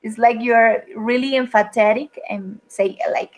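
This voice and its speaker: Woman English teacher on a video call, higher voice, unhurried, patient explainer. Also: fairly even intonation, low-quality recording. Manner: patient, explanatory, with frequent fillers. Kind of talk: online grammar lesson.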